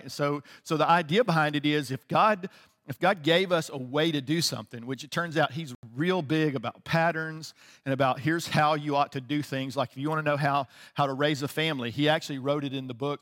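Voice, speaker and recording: A man's voice: a little high, a bit bright. A man in his fifties preaching a casual, conversational sermon as a pastor, laughing often and asking "right?" after his points. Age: 50s. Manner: conversational, laughing, frequent tag questions.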